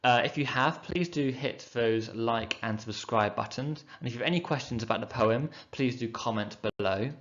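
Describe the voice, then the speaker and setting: A man's voice: medium pitch, normal speed, hardly any pauses, fairly bright tone, dull audio. A male teacher, patiently explaining poetic meter in a revision lesson and sounding out the rhythms aloud. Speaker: English teacher. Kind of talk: recorded exam revision lesson.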